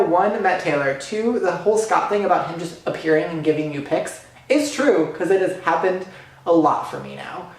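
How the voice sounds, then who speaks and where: A young man vlogger excitedly retelling a fan encounter story, gushing and breathless, full of fillers. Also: fairly high pitch, moderate pace, vocal fry. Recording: very echoey room.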